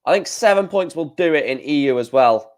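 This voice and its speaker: A man's voice: on the high side, animated, fairly quick, a little mellow. Rambling man streaming live. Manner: rambling, thinking aloud with fillers. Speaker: darts live stream host. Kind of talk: casual live stream commentary.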